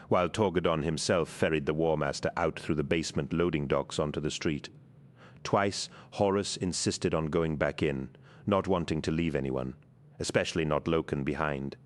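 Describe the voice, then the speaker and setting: A man narrating an action audiobook in a measured, dramatic reading. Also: extremely low pitch. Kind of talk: scripted narration.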